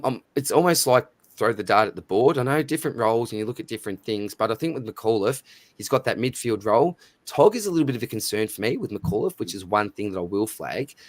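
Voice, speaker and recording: This livestream host is a man with an Australian accent and a medium-pitched voice, recorded with no echo. He keeps the chat casual, matey and talkative while reading out viewers' names.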